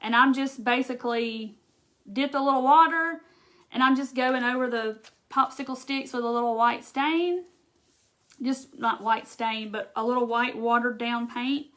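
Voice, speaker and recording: A woman's voice: a little high, unhurried, fairly bright tone. A woman from Mississippi with a Southern accent, chatting casually through a live craft demo and answering viewer comments. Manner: chatty, reads viewer comments aloud, says y'all. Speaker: craft livestream host.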